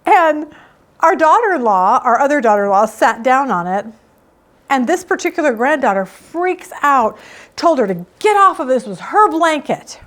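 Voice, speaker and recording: Woman, middle-aged, high voice, casual Bible teaching, emphatic storyteller. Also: sing-song, moderate pace, fairly bright tone.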